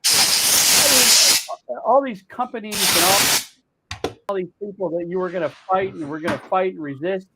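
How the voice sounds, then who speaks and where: A man's voice: high-pitched, moderate pace, long pauses, heavy background noise. An older man talking politics in a blunt, profane rant, with many restarts and repeated words. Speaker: political commentator. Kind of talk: heated political chat.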